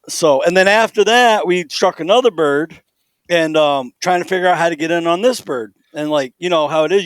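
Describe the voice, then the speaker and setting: A man hosting a hunting podcast, telling a story in a lively way and acting out the people in it. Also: fairly high pitch, smooth, dry recording. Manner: animated, quotes people in lively voices. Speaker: podcast host.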